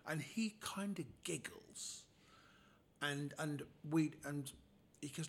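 A man, a podcast guest telling funny personal stories in a lively way and acting out the people in them. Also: on the high side, a little slow, breathy edge. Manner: animated storyteller, acts out the people in his stories. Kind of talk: casual anecdotal storytelling.

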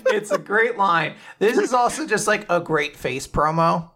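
A man's voice: high voice, expressive, unhurried, bright, forceful tone. A man co-hosting a podcast in casual chat, playful and joking. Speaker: podcast co-host.

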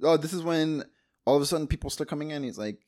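A man's voice: fairly high pitch, fast, a little mellow. A man co-hosting a casual movie recap, talking animatedly, laughing often and acting out quotes. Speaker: podcast co-host.

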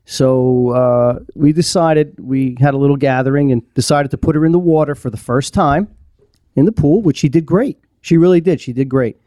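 A man's voice: mid-range voice, normal speed, mellow, no room sound, studio quality. A man hosting a podcast, telling a story in casual chat and laughing often. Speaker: podcast host.

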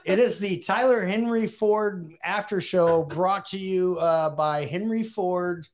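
A man co-hosting a married couple's podcast in casual chat, excitable and jokey, rambling through his intro. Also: sits high, slow pace. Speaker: podcast co-host.

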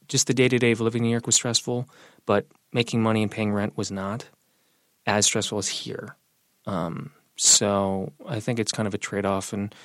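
A young man in an interview, talking casually and telling personal stories, relaxed and lively when quoting other people. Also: lowish voice, dry recording. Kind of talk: casual conversational storytelling.

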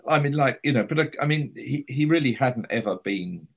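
A man's voice: mid-range voice, expressive, a little fast, creaky, breathy edge. An older man, a writer, telling chatty anecdotes as a guest in an interview, with frequent restarts and fillers.

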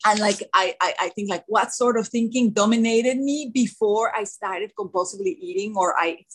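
A woman's voice: mid-range voice, moderate pace, breathy edge, low-quality recording. A woman with a non-native English accent sharing her own story at a twelve-step meeting, earnest and full of "you know" and "like". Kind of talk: personal sharing at a recovery meeting.

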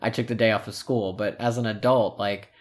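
A man's voice: lowish voice, fairly even intonation, fairly quick. Earnest rambling man telling a story. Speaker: podcast co-host. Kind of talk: casual storytelling chat.

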